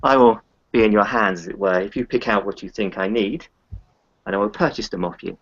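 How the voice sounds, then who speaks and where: A man's voice: fairly low pitch, fairly quick, slightly rough, no echo. A man voicing a disfigured, polite and formal male vampire. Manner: courteous, formal phrasing. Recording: dull lo-fi sound.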